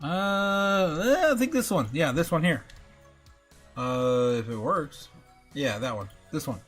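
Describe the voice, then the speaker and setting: A man's voice: a little high, expressive, slow pace, a bit bright, soft background music. A man hosting a livestream, laughing often and chatting loosely with many fillers as he reads the chat. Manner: giggly, filler-heavy, reads chat aloud. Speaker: livestream host.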